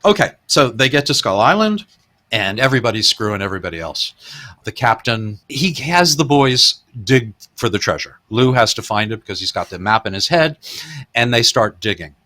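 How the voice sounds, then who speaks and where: A man's voice: mid-range voice, sing-song, normal speed, sharp tone. A man hosting a podcast, retelling film gags in a casual, chuckling way. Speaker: podcast host.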